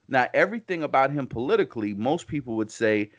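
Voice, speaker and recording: A man's voice: medium pitch, expressive, quick pace, few pauses. A man co-hosting a casual podcast, talking in long rambling runs full of "you know" and restarts. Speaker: podcast co-host. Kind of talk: casual conversational podcast chat.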